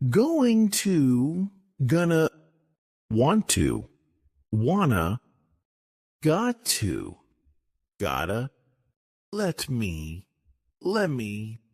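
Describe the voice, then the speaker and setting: A man reading a scripted English lesson with slow, deliberate delivery and strongly rising and falling pitch. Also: dry recording, clean studio sound. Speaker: English teacher.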